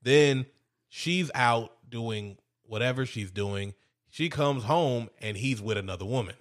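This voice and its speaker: A man with a mid-pitched voice talks casually. He retells a show's scenes, swearing freely and slipping into the characters' lines. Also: a little slow. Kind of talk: casual chat recapping a show.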